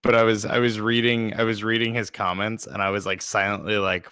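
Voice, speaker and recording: A man's voice: lowish voice, flat delivery, a little fast, sharp tone, smooth, no echo, studio quality. A man playing in a tabletop game over a voice call, laid-back and swearing casually. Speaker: player.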